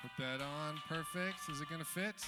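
High bright guy doing over-the-top game show host patter, big echoey hall, music in the back. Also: normal speed. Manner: upbeat, exclamatory, playful showman patter. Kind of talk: energetic mock game show hosting. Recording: music playing in a reverberant hall.

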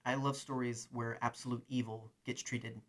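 A man's voice: medium pitch, level tone, moderate pace, a bit bright. Man, casual host, eager and rambling, lots of fillers. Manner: enthusiastic, rambling, many fillers. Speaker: podcast host. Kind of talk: casual chat and reading aloud.

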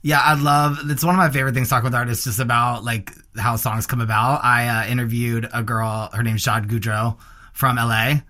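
A male interview host talks quickly and eagerly. He has a bright, forceful voice at a middle pitch and keeps the conversation casual. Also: little pitch movement.

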